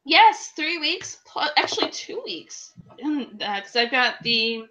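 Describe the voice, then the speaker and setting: Podcast co-host, woman in her thirties with a cold, bright chatty storyteller. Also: high-pitched, big pitch swings, slow, poor audio. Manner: chatty storyteller, laughing asides. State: coming down with a cold. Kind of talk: casual chat.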